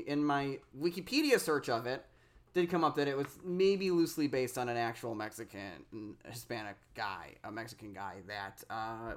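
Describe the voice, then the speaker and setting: Rambling animated podcast co-host. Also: medium pitch. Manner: rambling, many fillers and restarts, animated. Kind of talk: casual film discussion.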